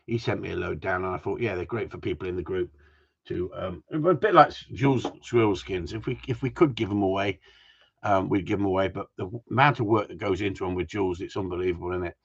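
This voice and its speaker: A man chats through a live stream in a slightly low, husky voice, joking and teasing as he reads out viewer comments. The sound is dull and lo-fi. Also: fast talker. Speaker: host of a gundog group live stream. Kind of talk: casual live-stream chat.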